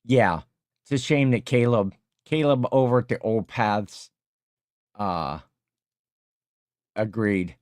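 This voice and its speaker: Slow, rambling man hosting a live chat. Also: fairly low pitch, darkish tone, no echo, studio quality. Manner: rambling, searches for comments with many pauses. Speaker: livestream host. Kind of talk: casual live chat reading viewer comments.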